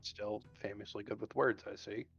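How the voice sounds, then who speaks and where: A man's voice: on the low side, steady tone, normal speed, a bit bright, slightly rough, faint music behind. Dry-joking man on a muffled mic. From Minnesota. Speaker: player. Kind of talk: casual chat at a tabletop game.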